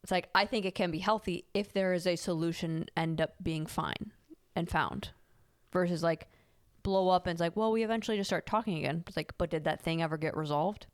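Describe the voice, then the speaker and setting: A woman's voice: fairly low pitch, steady tone, normal speed, no room sound, clean studio sound. A woman co-hosting a podcast, talking in a self-reflective, frustrated way that keeps rising into exasperation. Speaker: podcast co-host. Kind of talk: casual conversation.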